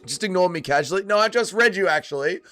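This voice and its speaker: A man's voice: high-pitched, expressive, quick pace, sharp tone, soft background music. A young man hosting a livestream, chatting casually and sarcastically, swearing freely and reading out chat messages. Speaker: livestream host.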